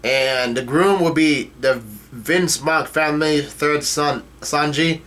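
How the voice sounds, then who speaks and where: A man casually reading a manga chapter aloud, talking quickly with fillers and restarts and cursing in disbelief at twists. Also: a little high, fairly bright tone. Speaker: manga reader and reactor. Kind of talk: casual read-through with reactions.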